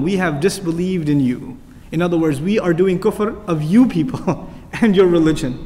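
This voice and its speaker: A man's voice: high voice, moderate pace, a little mellow. A man teaching a Quran commentary lecture, speaking emphatically and reciting Arabic verses between explanations. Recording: long hall reverb.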